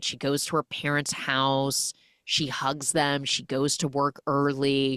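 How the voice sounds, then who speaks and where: Low-voiced woman podcast host. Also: no room sound, studio quality. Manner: animated storytelling with casual asides. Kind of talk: film recap podcast.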